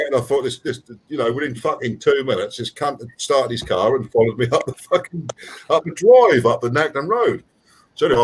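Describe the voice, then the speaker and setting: A man swears freely as he spins a casual story on a video call. His pitch rises and falls a lot as he talks. There's a faint hiss behind him. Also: darkish tone. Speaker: guest host of an online hangout. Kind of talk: casual profane chat.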